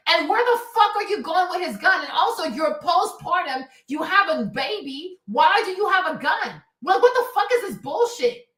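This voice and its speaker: A woman's voice: extremely high pitch, a bit bright. Profane, fired-up woman ranting in an echoey room. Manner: profane, emphatic, repeats herself for emphasis. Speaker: livestream host. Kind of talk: heated commentary rant.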